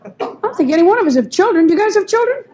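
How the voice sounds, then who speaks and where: A woman's voice: extremely high pitch, very animated, rapid-fire. A woman doing a chatty, sarcastic stand-up set on a club stage. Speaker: stand-up comedian. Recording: faint club noise. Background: audience laughter.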